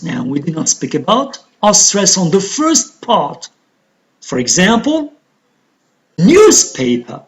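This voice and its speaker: Algerian-accented English teacher, unhurried, very animated pitch, methodical, quizzes the class and answers. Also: rough recording. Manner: deliberate, explains step by step, asks and answers own questions. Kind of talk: recorded classroom lesson.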